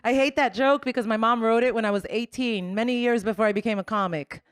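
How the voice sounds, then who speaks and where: A woman's voice: on the high side, fast talker, clean tone, dry recording, studio quality. A woman in her forties from Colombia, doing a brash, bawdy stand-up comedy set. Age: 40s.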